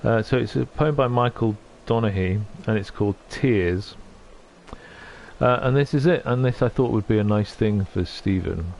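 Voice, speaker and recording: A middle-aged man chatting on a livestream, soft-spoken and halting, often moved. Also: on the low side, gravelly, slight background noise. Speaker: streamer. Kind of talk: casual livestream chat.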